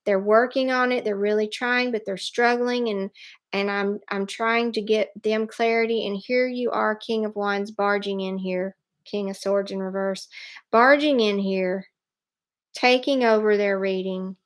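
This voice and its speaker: A woman giving a live tarot reading, speaking in an animated, emphatic way and laughing often. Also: mid-range voice, a little slow. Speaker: tarot reader.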